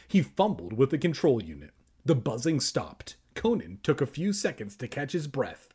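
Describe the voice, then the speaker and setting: A man's voice: medium pitch, big pitch swings, moderate pace, mellow, husky. A young man reading a children's book aloud for laughs, breaking off into crude, self-deprecating jokes. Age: young adult. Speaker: reader and comedian.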